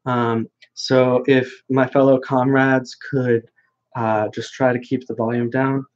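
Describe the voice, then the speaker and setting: A man voicing a fussy, easily agitated male convention speaker who pleads for quiet in a prissy, drawn-out way, on a dull lo-fi recording. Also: medium pitch, level tone, natural voice. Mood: fussy pleading. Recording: dull lo-fi sound.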